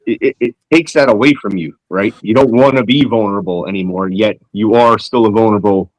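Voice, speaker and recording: A man's voice: lowish voice, a little fast, no echo, poor audio. A man on a discussion panel who rambles and searches for his words in casual talk.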